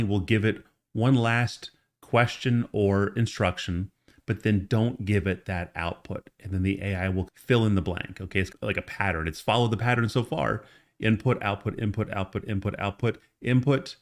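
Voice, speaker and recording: Male course instructor, lowish voice, relaxed conversational explainer who keeps checking in with the listener. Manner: casual, conversational explaining with frequent check-ins. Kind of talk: screen-recorded tutorial lesson.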